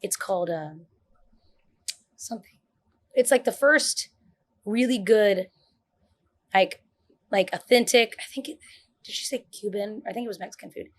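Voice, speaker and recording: A woman's voice: mid-range voice, a little slow, pauses often. A woman on a podcast, telling stories in casual chat. She swears freely and acts out the people she quotes. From north Texas. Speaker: podcast guest.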